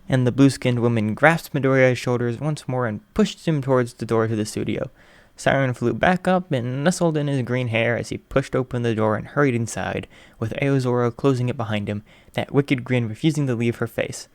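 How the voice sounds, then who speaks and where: A man reads a fan fiction story aloud in an even, unhurried narrating voice. The sound is dry and close, with no room around it, and his pitch sits in a middle range. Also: dry recording. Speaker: audiobook reader.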